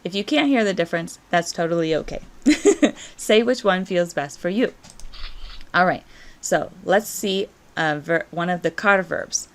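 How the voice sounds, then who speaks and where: A woman Spanish teacher, encouraging and slow and clear as she walks through verb conjugations in a recorded lesson. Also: lowish voice.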